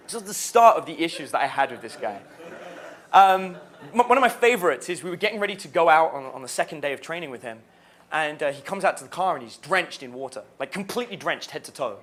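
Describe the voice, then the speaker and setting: A man, a dating coach, telling stories about a student in an animated way, laughing as he goes. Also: a little high, a little fast. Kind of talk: storytelling to camera.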